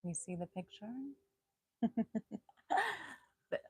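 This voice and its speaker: A woman hosting a live stream in a casual, chatty way, giggling often and throwing in loud, swearing asides. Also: fairly low pitch, steady tone, slow pace, husky, dry recording, poor audio. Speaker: host.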